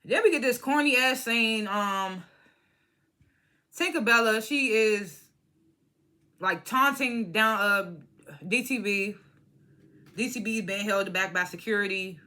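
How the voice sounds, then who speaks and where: A woman's voice: mid-range voice, slow, long pauses, pushed and bright. A young woman giving a blunt, profane, opinionated recap of a reality show episode, often imitating the cast members. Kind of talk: casual reality show review.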